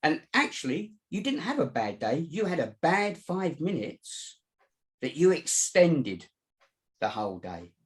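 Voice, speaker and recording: A man's voice: fairly high pitch, sing-song, unhurried. A man, a mindset coach, giving earnest advice in a casual chat and often saying "you know". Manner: earnest, advising, many "you know" fillers.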